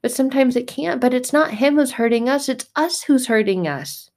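A woman's voice: high voice, expressive, moderate pace, darkish tone. A woman giving a casual spiritual monologue, speaking emphatically and bluntly, with repetitive phrasing. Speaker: faith vlogger.

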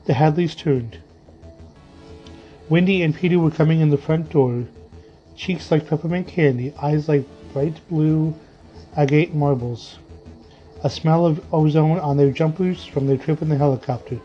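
A man narrating a story in a measured, dramatic reading style. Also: fairly high pitch. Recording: dull lo-fi audio with faint music.

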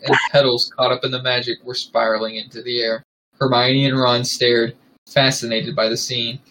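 A man in a mid-range voice reads a story aloud with dry, deadpan narration. His delivery is even and unhurried, as a podcast co-host. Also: mid-range voice, a little hiss or hum, poor audio. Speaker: co-host reading fan fiction aloud. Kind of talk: comedic dramatic reading.

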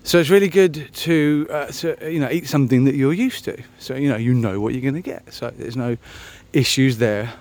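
A man's voice: mid-range voice, normal speed, hardly any pauses, a little mellow. A man musing aloud on a solo podcast, meandering and self-mocking, with many ums and restarts. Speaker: podcast host. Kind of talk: rambling solo podcast chat.

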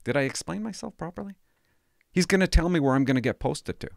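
A man's voice: a little high, animated, quick pace, gravelly, no room sound, clean studio sound. Rambling man telling a story. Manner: rambling, self-interrupting, laughs at his own story. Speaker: former police cadet telling stories. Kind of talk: casual storytelling monologue.

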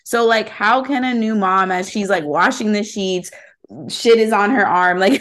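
A woman in her thirties hosting a podcast, talking loosely, restarting her questions and laughing as she goes. Her voice sits at an ordinary middle pitch. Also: moderate pace, a bit bright. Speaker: podcast host. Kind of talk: casual podcast conversation.

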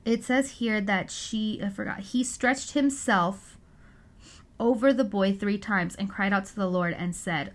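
A woman's voice: medium pitch, unhurried. A woman giving a casual, earnest Bible reflection, chatty and full of filler words. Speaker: Bible study speaker.

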